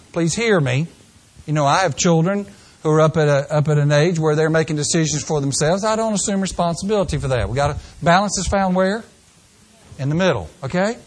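An older man with a high-pitched voice delivers a folksy sermon. He slips into mock voices to act out people's excuses, then drops back into plain, earnest preaching.

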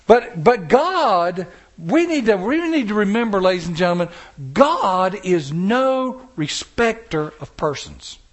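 A male preacher delivering a sermon, stressing words slowly and telling stories to the congregation. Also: sits high, very animated. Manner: emphatic, drawn-out stresses, storytelling.

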